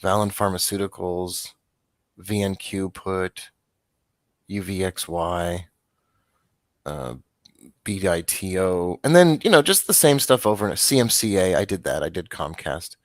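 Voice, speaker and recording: A man hosting a casual stock market show, rambling and restarting as he talks through trades, with a dry, flat tone. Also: deep voice, measured pace, no echo. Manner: rambling, self-interrupting, offhand.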